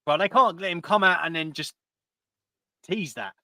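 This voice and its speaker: A man's voice: on the high side, moderate pace, bright, forceful tone, no echo, clean studio sound. A man co-hosting a live wrestling watch-along, chatting with viewers and laughing often as he reacts.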